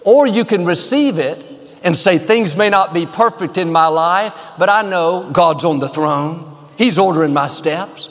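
Upbeat high-voiced male pastor preaching. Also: measured pace, long reverb tail. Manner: upbeat, confident preaching with repeated declarations. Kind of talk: sermon.

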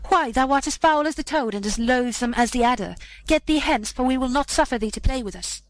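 A woman's voice: sits high, fairly quick, close to an everyday voice, poor audio. A woman voicing a group of mocking children in a storybook reading, jeering.

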